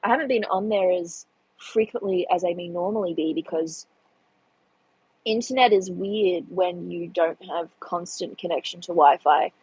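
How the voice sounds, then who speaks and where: A woman's voice: fairly low pitch, moderate pace, darkish tone, husky, no echo, rough recording. A young woman, hosting a casual live stream and chatting through the chat with a self-deprecating manner. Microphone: phone.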